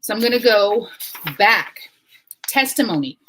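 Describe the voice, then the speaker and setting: A woman hosting her own live-stream talk show, speaking in a casual, emphatic and animated way and reading aloud from a book. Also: unhurried, a little hiss or hum, poor audio. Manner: animated and emphatic, swings up in pitch when excited. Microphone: home live-stream mic.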